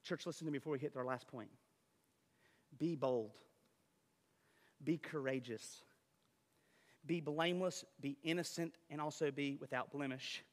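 Dramatic high-voiced man preaching. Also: unhurried, long pauses. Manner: dramatic, swings from booming to hushed. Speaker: pastor. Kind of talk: sermon. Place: church sanctuary. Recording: reverberant church hall.

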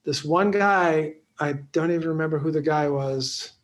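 A man's voice: a little high, normal speed. A man in casual film talk, rambling with many restarts and fillers.

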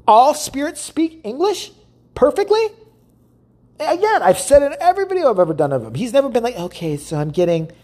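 A woman's voice: sits high, sing-song, brisk, darkish tone. A woman hosting a solo podcast, ranting bluntly and profanely with lots of restarts. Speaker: podcast host. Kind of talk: casual solo podcast rant.

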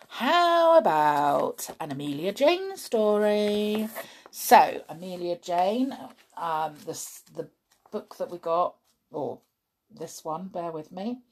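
A woman reading a children's story aloud in an expressive way, with chatty asides to her young listeners. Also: lowish voice, gravelly.

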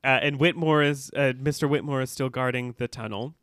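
A man's voice: mid-range voice, fairly even intonation, normal speed, fairly bright tone, clean tone, no echo, studio quality. A man co-hosting a podcast, casually recapping an episode, laughing often and quoting characters. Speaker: podcast co-host.

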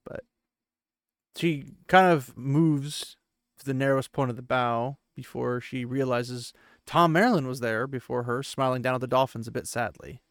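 A man's voice: medium pitch, moderate pace, dry recording, studio quality. A man hosting a podcast and recapping a book chapter in rambling, conversational chat. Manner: rambling, conversational, with filler words. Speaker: podcast host.

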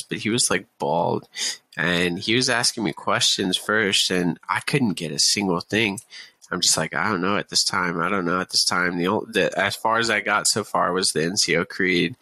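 A man telling army stories in a casual podcast chat, animated, swearing and laughing often. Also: fairly low pitch, no echo. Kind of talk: casual storytelling.

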